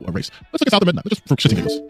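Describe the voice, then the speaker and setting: A man's voice: fairly high pitch, huge pitch swings, racing, music in the background. A man giving casual reaction commentary, mocking and dismissive, full of filler words.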